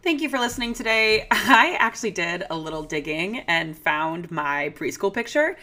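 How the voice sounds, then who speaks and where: A woman in her thirties hosting a comedic solo podcast, ranting in a sassy, exaggerated way with sudden hushed asides. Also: mid-range voice, expressive, moderate pace, few pauses. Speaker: podcast host.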